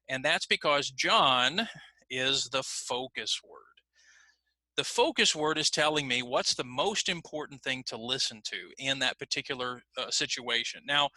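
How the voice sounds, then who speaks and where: A man's voice: fairly high pitch, pushed and bright, dry recording. A man teaching an adult English pronunciation class, explaining patiently and modeling example phrases aloud. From United States. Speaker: ESL teacher. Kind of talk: online English pronunciation lesson.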